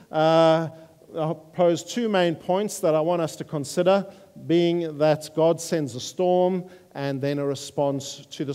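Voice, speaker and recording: Male preacher, earnest and halting, mellow tone, long reverb of a church hall. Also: fairly high pitch, smooth. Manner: earnest, halting, with frequent fillers. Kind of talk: sermon.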